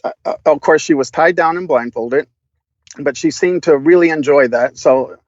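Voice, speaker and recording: Man, podcast guest, casual storytelling, swears a lot, laughs often, slightly high voice, dull lo-fi sound, dry. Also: moderate pace, no room sound. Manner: laughs often, swears freely, many restarts.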